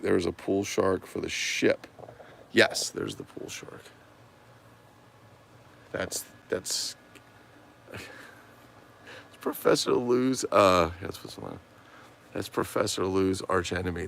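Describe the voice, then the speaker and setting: Man, very low voice, gravelly, tired, profane, rambling livestream chat. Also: animated, slow pace, pauses often, a bit bright, slight background noise. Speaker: toy collector livestream host.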